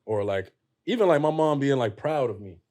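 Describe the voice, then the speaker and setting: A man's voice: medium pitch, animated, a little fast, darkish tone. A young adult man talking as a podcast guest, earnest and slangy, opening up about family. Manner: earnest, opens up emotionally, slangy. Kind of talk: casual chat.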